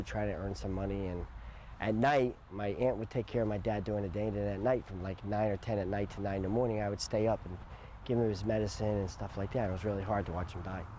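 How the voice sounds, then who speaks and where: An older man speaks in a documentary interview, his voice low and dark. He tells his story with emotion, swinging between loud bursts and hushed asides. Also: slight background noise.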